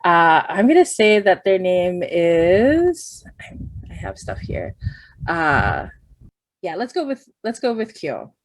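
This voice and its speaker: A woman's voice: lowish voice, very animated, slow pace, no echo. A woman running a tabletop role-playing game as game master, describing scenes and thinking aloud with many fillers.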